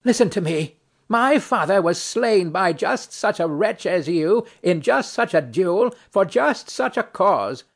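A man's voice: high-pitched, lively intonation, unhurried, creaky, heavily acted. A man reading a play aloud, voicing a proud, indignant noblewoman who speaks primly and insists on her due. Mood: bitter, accusing. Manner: prim, affronted, insistent questioning. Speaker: audiobook narrator.

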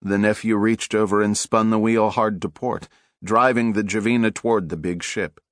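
A man giving measured, dramatic scripted narration for an audiobook on a close studio mic. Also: on the low side, fairly even intonation, no room sound.

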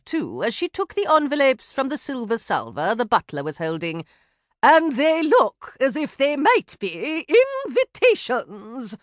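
A woman narrating an audiobook in an expressive first-person telling, close to a studio mic. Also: mid-range voice, dry recording. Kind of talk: scripted narration.

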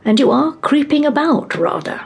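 An actress playing an older, wealthy wife in an audio drama, genteel and gently teasing, calling people dear. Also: female voice, high-pitched, very animated, moderate pace, vocal fry, exaggerated voice. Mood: gracious. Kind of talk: radio drama acting.

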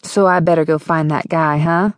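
A woman's voice: low voice, fairly even intonation, moderate pace, dry recording, lightly acted. A woman voicing a blunt, sarcastic young female college student in an audiobook.

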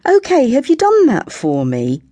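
A woman's voice: high-pitched, huge pitch swings, warm tone, dry recording, pitched above the performer's own voice, exaggerated voice. A woman voicing an unflappable mum. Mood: brisk. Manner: brisk, soothing counsellor tone, matter-of-fact. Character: chatty middle-aged British mum, unflappable. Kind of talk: audiobook character voice.

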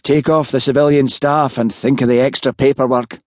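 A man's voice: mid-range voice, fairly even intonation, normal speed, dry recording, clean studio sound, pitched above the performer's own voice, close to an everyday voice. A man voicing a gossipy, sniggering male police officer.

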